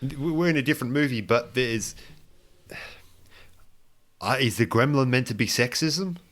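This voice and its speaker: Reviewing a movie in loose podcast conversation, this male co-host keeps restarting sentences, dropping fillers, and poking fun at himself. He talks at a normal speed with a medium-pitched, fairly bright voice.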